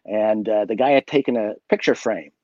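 Heard through a video call, this guest magician has a lowish, darkish voice and talks a little fast as he spins a chatty story. Fillers, restarts and laughs pepper his talk, and the sound is lo-fi with no echo.

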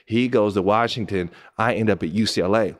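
Animated male storyteller, swings loud and soft. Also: a little fast. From Pasadena, California. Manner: animated storyteller, voice jumps up when excited and drops low when moved. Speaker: podcast host and former NBA player. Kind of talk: personal storytelling to listeners.

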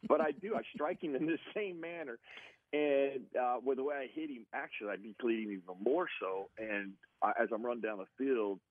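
A man, a former football player, telling an animated story as a guest, often laughing as he talks. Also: medium pitch, a little fast, no echo, narrow, tinny audio. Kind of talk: casual storytelling.

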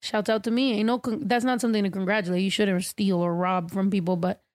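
A woman podcast host telling a story in casual chat, blunt and profane, animated as she talks. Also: medium pitch, quick pace, dry recording.

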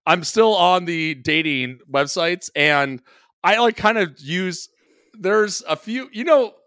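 A man's voice: sits high, animated, takes it slowly, bright, forceful tone, no echo, studio quality. Rambling, self-mocking podcast co-host man. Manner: rambling storyteller, self-mocking, stumbles and restarts. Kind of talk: casual chat.

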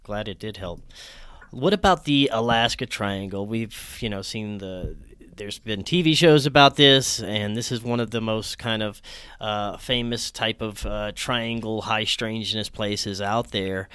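Low smooth-voiced man hosting an interview. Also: measured pace, bright, forceful tone, dry recording. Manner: short reactions and prompting questions. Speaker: podcast host.

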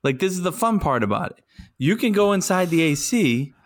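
Animated, laughing man ranting on a podcast. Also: high voice, fairly quick. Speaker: podcast co-host. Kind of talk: casual podcast chat.

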